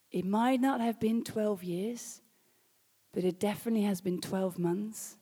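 A woman sharing a personal faith story as a sermon, storytelling warmly and often dropping to a hushed whisper. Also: medium pitch, unhurried, slightly rough, big-room sound. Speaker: speaker leading a faith session. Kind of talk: personal testimony and preaching.

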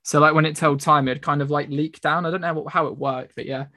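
A woman's voice: low-pitched, steady tone, fairly quick, bright, forceful tone, dry recording, studio quality. A young woman hosting a podcast, telling rambling, giggly stories in casual chat. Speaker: podcast host.

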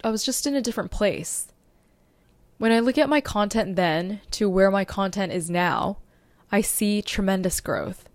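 A woman's voice: mid-range voice, normal speed, no room sound. A young adult woman hosting a solo podcast as a social media strategist, talking in an upbeat, informative way and now and then tripping over her words.

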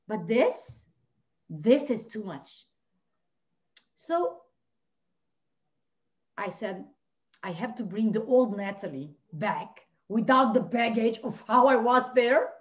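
A woman from Lebanon, a podcast guest telling her personal story with passion, swinging between hushed and near-shouting. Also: on the high side, animated, slow pace, pauses often. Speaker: podcast guest, life coach. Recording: dull lo-fi audio.

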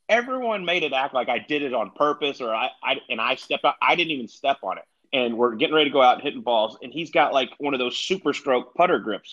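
A man's voice: mid-range voice, a bit bright, lo-fi sound. A middle-aged man, a retired golfer as podcast guest, telling stories in a chatty, laid-back way and laughing along. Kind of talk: casual podcast storytelling.

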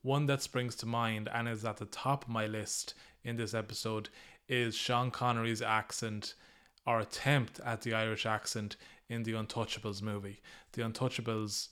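A man's voice: fairly low pitch, level tone, normal speed, a bit bright, clean tone. A man hosting a solo podcast, giving his opinions in an easygoing, conversational way. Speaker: podcast host.

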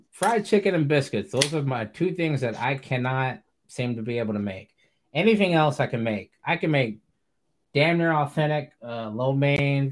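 A man's voice: mid-range voice, noisy background. A man hosting a podcast, telling stories in casual chat, laughing often and swearing casually. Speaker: podcast host.

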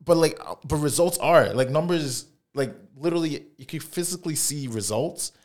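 A young man from Calgary co-hosting a casual podcast, animated and slangy, laughing easily. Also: fairly high pitch, normal speed. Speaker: podcast co-host. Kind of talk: casual chat.

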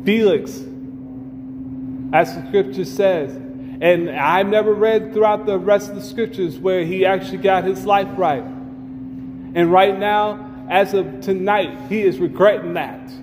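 A fervent male preacher with a high voice delivers a sermon that builds into shouts and half-sung cries. His voice rings through a large, echoey hall, with faint room noise behind him. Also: measured pace. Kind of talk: fiery sermon. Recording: roomy hall reverb, faint ambience.

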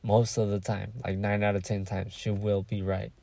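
A young man talks through a casual solo podcast in a low voice with a gravelly, fry-laden edge. His tone is dark and mellow, and the close mic is dry. He rambles, stops to search for words and swears freely. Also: flat delivery, normal speed, no echo. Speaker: podcast host.

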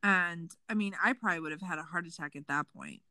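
A woman's voice: lowish voice, fast, no echo, low-quality recording. A woman hosting a casual true crime podcast, sarcastic and swearing freely. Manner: animated, sarcastic, swears a lot. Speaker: podcast host.

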